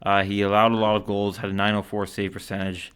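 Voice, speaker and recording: A man's voice: lowish voice, completely flat delivery, fast, a bit bright, clear, resonant tone. A man from Canada giving casual solo commentary, reading out stats and quotes with lots of fillers. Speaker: hockey commentator.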